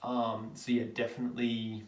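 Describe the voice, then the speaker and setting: A man's voice: medium pitch, monotone, normal speed, a little mellow. Australian man in a roomy, distant stream mic. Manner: chatty, reads out viewer questions and answers them. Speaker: livestream host. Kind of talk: casual live Q&A.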